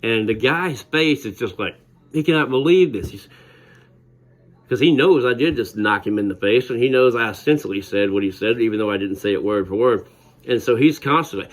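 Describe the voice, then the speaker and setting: A man's voice: mid-range voice, a little fast. Middle-aged male storyteller, easygoing and wry, mid-range voice. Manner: wry, conversational, laughs while telling. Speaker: vlogger. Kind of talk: personal storytelling.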